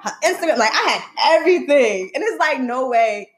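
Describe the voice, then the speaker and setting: Young female co-host, high voice with big swings, animated storyteller. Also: moderate pace. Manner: animated, laughing, quoting people in voices. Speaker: podcast co-host. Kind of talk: casual storytelling chat.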